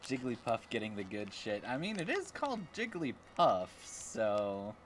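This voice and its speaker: A male streamer riffing through casual let's-play commentary with lively, swooping pitch. He jokes crudely and squeals in mock disgust at the game. His delivery is unhurried between bursts. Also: slight background noise.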